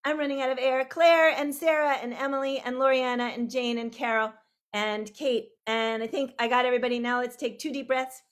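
Bubbly high-voiced woman host. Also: steady tone, fairly quick. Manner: bubbly, rambling, laughing. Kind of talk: greeting online viewers by name. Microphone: video call.

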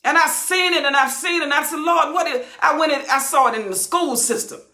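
A woman preaching on a Bible passage with a high, bright voice that rings in a roomy, echoey space. She hollers and drives her points home by repeating phrases. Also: brisk. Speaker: Bible teacher. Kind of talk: impassioned verse-by-verse preaching. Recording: roomy echo.

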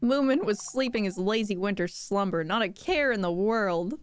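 A woman voicing a feisty, sharp-tongued tiny girl while reading game dialogue aloud. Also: medium pitch, animated, moderate pace, clear, resonant tone, lightly acted. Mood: mocking.

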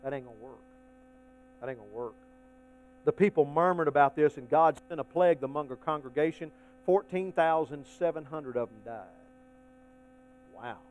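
A male pastor preaching a folksy sermon to his congregation, swinging between hushed asides and loud, emphatic points. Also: a little high, moderate pace, pauses often, slight background noise, rough recording. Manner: folksy, addresses the congregation as y'all.

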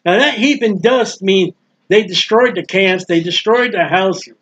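A male preacher giving a lively, jokey sermon and acting out scenes, on a dull lo-fi recording. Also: high-pitched, a little slow. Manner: animated, jokey, acts out scenes. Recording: dull lo-fi sound.

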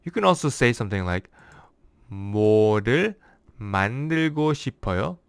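Smooth-voiced man teaching a language lesson. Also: on the low side, very animated, dry recording. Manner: explains word by word, slowing down for examples.

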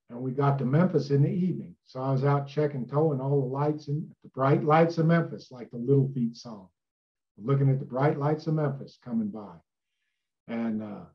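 An older man from Illinois, a retired river captain, telling rambling folksy stories in a casual interview. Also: mid-range voice. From Illinois, USA. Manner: rambling, folksy, with fillers and asides. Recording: slightly dull, lo-fi sound.

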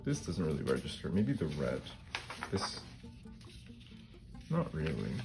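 A man's voice: extremely low pitch, very animated, measured pace, creaky, music in the background. A middle-aged man hosting a casual craft demonstration, thinking aloud as he works and often tagging his remarks with a questioning "right?". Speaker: collage artist and channel host.

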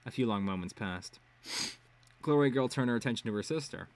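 A man's voice: mid-range voice, fairly quick. A man reading a web serial aloud casually, with ad-lib asides and swearing. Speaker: reader.

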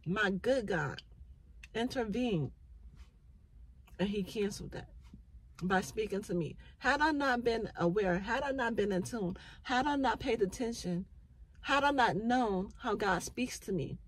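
A woman's voice: medium pitch, lively intonation, a little slow, husky, dry recording, low-quality recording. A middle-aged woman, a mother, sharing an earnest faith-based reflection, repeating phrases for emphasis and holding back tears. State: near tears. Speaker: vlogger.

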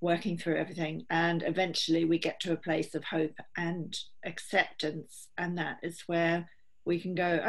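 A woman's voice: lowish voice, little pitch movement, normal speed. A middle-aged woman, a holistic therapist, explaining earnestly and steadily in an interview, often voicing what her clients think.

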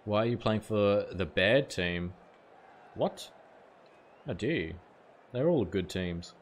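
A man's voice: on the low side, lively intonation, takes it slowly, slight background noise. A man streaming a cricket video game live, chatting casually with viewers and swearing now and then. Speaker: gaming streamer.

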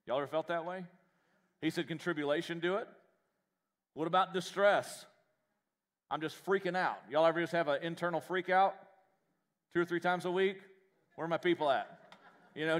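A man preaching a live sermon as pastor in a church, animated and joking, with self-deprecating humor. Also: a little high, big-room sound. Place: church sanctuary.

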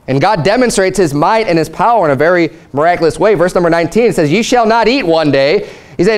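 A pastor delivering a sermon, reading scripture and acting out lively paraphrased dialogue. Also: male voice, high-pitched, fast. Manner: animated preaching with paraphrased dialogue.

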